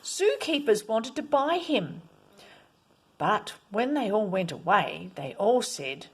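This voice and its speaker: A woman reading a children's picture book aloud, expressive, at times dropping to a whisper. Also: medium pitch, slow pace, husky. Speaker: storyteller.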